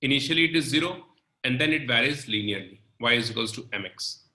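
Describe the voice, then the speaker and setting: A male chemistry teacher walks through a lecture slowly, step by step, checking in with "okay" and "right". His voice is very bright and sharp. The recording carries a noticeable room echo. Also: mid-range voice, lively intonation. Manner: slow, step-by-step explaining with frequent "okay" and "right". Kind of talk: recorded lecture explaining on a board.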